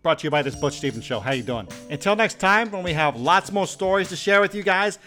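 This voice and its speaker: An easygoing male host rambles amiably through his lines in a slightly high voice. He wraps up segments in loose, casual chat. Faint music sits in the background. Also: animated, a little fast, bright, forceful tone. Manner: easygoing, rambling, hedging with fillers. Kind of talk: casual comedic podcast chat.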